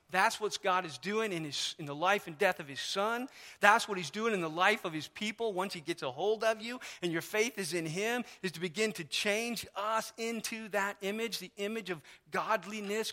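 The long reverb of a church hall surrounds this male pastor's high-pitched, sharp voice. Preaching in the sanctuary, he keeps things conversational and emphatic, leaning on plenty of repetition.

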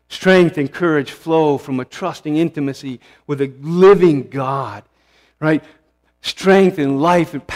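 A man preaching a sermon as pastor, impassioned, swelling to emphatic peaks and then dropping to a hush. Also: on the high side, big-room sound. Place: church sanctuary.

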